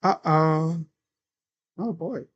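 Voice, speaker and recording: A man with a fairly high voice commentates a game live for his stream. He talks at an unhurried pace, chatting loosely between calls and then raising his voice on the plays. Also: muffled recording. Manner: casual, rambling between calls, louder and quicker on plays. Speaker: livestream sports commentator. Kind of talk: live reaction play-by-play.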